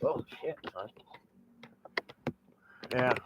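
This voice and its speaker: A man's voice: medium pitch, expressive, extremely slow. A man, rambling casually on a live home vlog, chatting with his dogs between remarks. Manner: folksy Southern drawl, talks to his dogs in baby talk. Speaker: vlogger. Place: home kitchen and porch. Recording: echoey room with faint background noise.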